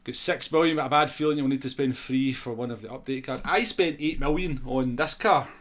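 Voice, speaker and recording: A man's voice: medium pitch, fairly quick, a bit bright. A man with a Scottish accent chatting casually with his chat while he streams a racing game. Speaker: gaming streamer. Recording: racing game car noise underneath. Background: engine and car sounds from the game.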